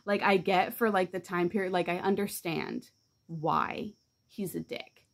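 A woman chatting casually in a reading vlog, animated and loose, swearing freely and saying "like" constantly. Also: fairly low pitch, unhurried, vocal fry. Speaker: book vlogger.

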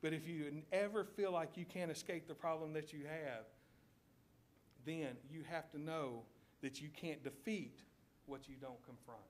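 Man preaching an animated sermon. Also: a little high, a little slow, a little hiss or hum. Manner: animated storytelling, addresses congregation with "okay?". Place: church sanctuary.

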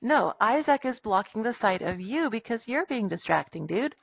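A woman teaching a grammar lesson in a classroom, brisk and firm with her students as she dictates punctuation aloud. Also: a little high, expressive, creaky, breathy edge, lo-fi sound.

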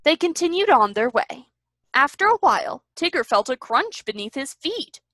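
A woman from a library reading a children's storybook aloud in an expressive, sing-song way. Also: sits high, moderate pace, no echo.

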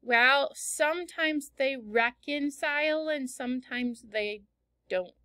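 A woman's voice: high-pitched, slow pace, pushed and bright, no room sound. A woman teacher in a classroom, patiently explaining word meanings with everyday examples during a read-aloud lesson.

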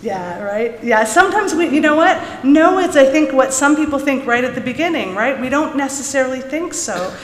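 A woman reading a children's story aloud in an animated way at a service, then drawing a lesson from it for the congregation. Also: fairly high pitch, slight background noise. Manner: animated storytelling, lively voices for characters. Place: large sanctuary. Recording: echoey hall, from a room mic.

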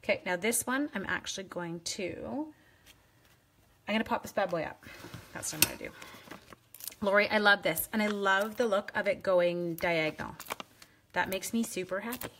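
A woman's voice: mid-range voice, normal speed, long pauses, background noise. A woman hosting a live craft demonstration, chatting playfully with viewers and teasing herself as she works. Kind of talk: casual live craft demo.

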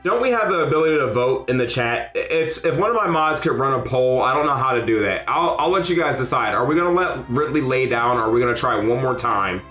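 A man streaming a game live, excitable and often shouting and laughing as he talks to his chat. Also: mid-range voice, brisk, few pauses, reverberant. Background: faint game music.

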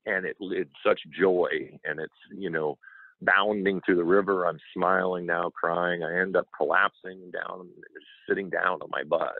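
Male guest, low and gravelly, earnest storyteller, dry close sound. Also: measured pace, dry recording. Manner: earnest, animated, acts out quoted dialogue. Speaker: interview guest, author. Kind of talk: emotional personal storytelling. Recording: tinny phone-like line.

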